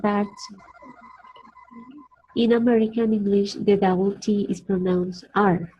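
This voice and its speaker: A Colombian woman, a native Spanish speaker, teaching an online English class slowly and carefully, repeating words for her students. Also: medium pitch, fairly even intonation, mellow, breathy edge. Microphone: video call. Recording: dull lo-fi video call audio.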